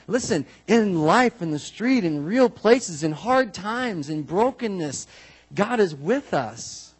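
A man preaching a sermon as pastor, animated and conversational, with many asides and repeated phrases. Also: high voice, a little slow, breathy edge.

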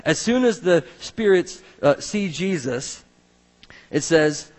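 A male pastor preaching a sermon to a church, animated, acting out the Bible's voices. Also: a little high, takes it slowly. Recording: long reverb of a large hall.

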